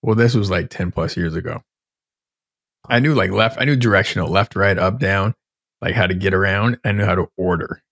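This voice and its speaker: A man's voice: low-pitched, a little fast, fairly bright tone, no echo, studio quality. A man in his thirties co-hosting a podcast in casual chat, rambling and swearing freely as he reviews shows. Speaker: podcast co-host.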